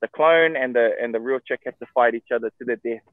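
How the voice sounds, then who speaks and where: A relaxed New Zealand-accented man talks easily as a guest, peppering his speech with "bro". His voice comes through a tinny phone line, dry and close. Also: medium pitch, fast, no echo. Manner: laid-back, says "bro" often. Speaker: guest actor. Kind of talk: casual chat.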